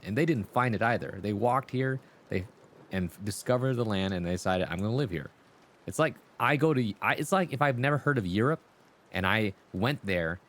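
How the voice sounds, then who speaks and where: A man hosting a livestream, talking casually to his chat and acting out voices in his stories. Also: sits low. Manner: conversational, acts out quoted voices in anecdotes. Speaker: livestream host.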